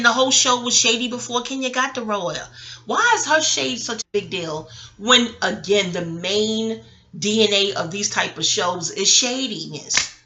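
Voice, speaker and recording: A woman's voice: a little high, pushed and bright. A woman vlogger talking in a blunt, rambling casual monologue, swearing often and drifting into chatty asides.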